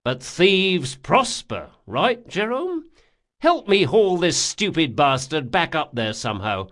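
A sharp-tongued thief, as a male narrator puts him on, menacing and sarcastic, swearing freely. His voice sits higher and louder than the narration, with a lively, hissing edge. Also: slow, exaggerated voice. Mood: sardonic.

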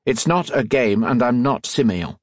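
A man voicing a calm, menacing impostor with a pistol, hoarse and clipped, a little higher than his own voice. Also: moderate pace, no echo, close to an everyday voice. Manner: clipped, even, threatening.

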